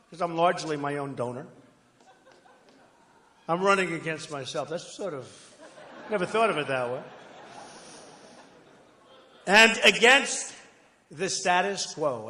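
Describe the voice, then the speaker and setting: A man's voice: fairly high pitch, pushed and bright, a little hiss or hum. A man giving a campaign rally speech, boastful and repetitive, with rambling asides. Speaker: political candidate addressing a rally. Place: large rally hall. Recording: echoey hall with long reverb.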